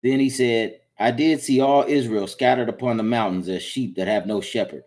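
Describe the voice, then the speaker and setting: A man reading Bible passages aloud in a plain, steady way, with small slips. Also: medium pitch, moderate pace. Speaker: scripture reader.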